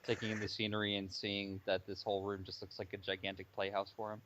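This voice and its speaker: A man playing a tabletop game over a voice call, describing his character in a relaxed way. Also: fairly low pitch, quick pace. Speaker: player. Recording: dull online voice call with faint noise.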